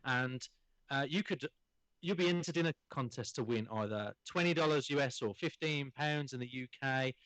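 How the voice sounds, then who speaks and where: A man's voice: medium pitch, normal speed, a bit bright, no room sound, poor audio. A man co-hosting a gaming podcast, talking in a chatty, rambling way with many fillers. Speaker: podcast co-host. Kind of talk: casual podcast chat.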